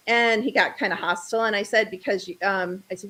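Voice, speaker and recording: Here the same talk show guest, a middle-aged woman, speaks in a mid-range voice at a quick clip with hardly any pauses, and the audio is poor. Chatting casually in the interview, she brings her stories to life by performing each quoted person.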